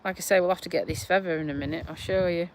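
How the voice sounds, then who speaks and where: A woman's voice: lowish voice, fairly even intonation, a little mellow, slight background noise. A middle-aged woman from Lincolnshire with a South Yorkshire twang, chatting casually on a livestream from her back garden, rambling and sighing as she answers viewers. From Lincolnshire, England. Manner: slow, rambling, sighing, talks to viewers' comments. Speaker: vlogger on a livestream.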